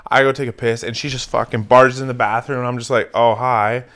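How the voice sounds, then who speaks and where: A man hosting a casual chat, telling a long story in a swearing, animated way. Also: mid-range voice, fast talker. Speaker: podcast host.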